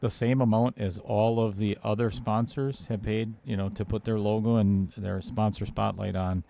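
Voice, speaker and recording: A man hosting casual live commentary on a pool match, chatty and quick to laugh. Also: fairly low pitch, fairly even intonation, gravelly, warm tone, a little hiss or hum. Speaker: pool stream commentator and host.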